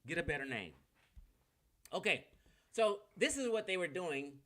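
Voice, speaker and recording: A man with a Californian accent who lectures in a brash, combative way, swearing freely and spelling words out letter by letter. His voice is bright and forceful, and his pitch swings widely as he makes his points. It sounds like a casual livestream talk into a computer mic. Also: very animated, moderate pace. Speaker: online lecturer.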